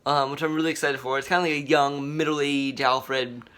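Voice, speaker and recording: A man hosting a casual commentary vlog, talking in an excited, rambling way with many fillers and restarts. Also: medium pitch, normal speed, clear, resonant tone. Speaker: vlogger.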